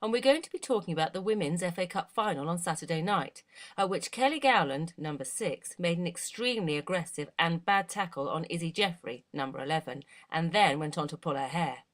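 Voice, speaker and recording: Young woman host, low voice, read-aloud intro. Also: lively intonation, fairly quick. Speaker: interview host. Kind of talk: scripted interview introduction.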